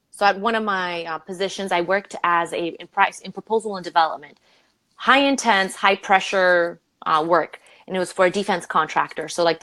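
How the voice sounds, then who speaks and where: Animated woman leadership coach. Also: dry recording, rough recording. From Romania. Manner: animated, acts out quoted voices with big pitch jumps. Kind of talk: conversational interview storytelling.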